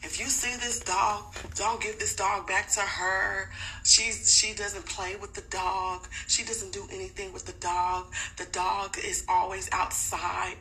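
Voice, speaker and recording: A woman's voice: medium pitch, little pitch movement, unhurried, sharp tone, distant mic, soft background music, rough recording. A woman voicing her nosy neighbor lady, ranting in an accusing, indignant way.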